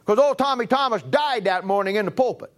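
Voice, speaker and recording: A middle-aged man preaches, recounting his own story with a voice that sits high. He swings between emphatic, pushed peaks and low, quiet passages as he drives a point home. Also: expressive, a little fast. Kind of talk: sermon testimony.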